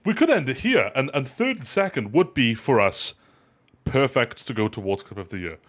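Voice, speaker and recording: Casual male stream host, animated and playful, loose rambling delivery. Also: medium pitch, normal speed. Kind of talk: casual live stream chat.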